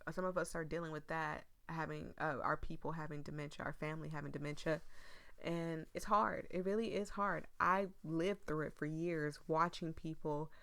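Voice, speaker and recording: A woman's voice: deep voice, steady tone, normal speed, creaky, a bit bright. A young woman commenting casually on a game, earnest and emotional, talking straight to her viewers. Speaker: gaming video creator.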